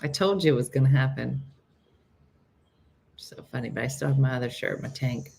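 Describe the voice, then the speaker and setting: A woman's voice: a bass voice, moderate pace, creaky, darkish tone, a little hiss or hum. Chatty woman hosting a morning stream. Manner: chatty and rambling, reads viewer comments aloud. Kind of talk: casual chat with viewers.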